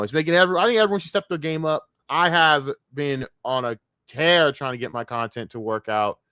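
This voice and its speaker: A man ranting on a live stream in a profane, combative, mocking way. His voice is bright and forceful, and it sounds close and dry with no room echo. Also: medium pitch. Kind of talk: casual live-stream rant.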